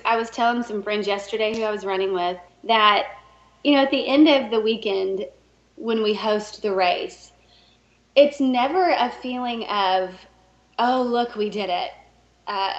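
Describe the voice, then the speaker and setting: A woman co-hosting a talk show, telling a story in a casual, animated way and laughing often. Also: fairly high pitch. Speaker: podcast co-host and race director. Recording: echoey room, dull lo-fi sound.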